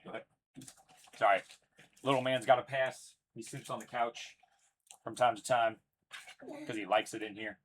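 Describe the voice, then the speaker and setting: A man's voice: medium pitch, steady tone, moderate pace, long pauses, a little hiss or hum. A young man casually announcing each card pulled as he hosts a live card break, chatty and upbeat. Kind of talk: live card-opening commentary.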